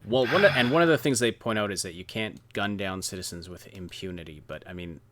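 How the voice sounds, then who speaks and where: A man co-hosting a gaming podcast, calmly reading out and questioning news points in casual chat. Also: fairly low pitch, no echo. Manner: measured, reads from articles, hesitant restarts. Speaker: podcast co-host.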